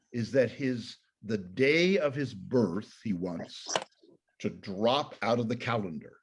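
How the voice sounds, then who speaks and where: Older male Bible teacher, low husky voice, informal lecture with asides and restarts. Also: darkish tone. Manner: thoughtful, digressive, with frequent fillers and self-corrections. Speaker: pastor teaching a Bible study.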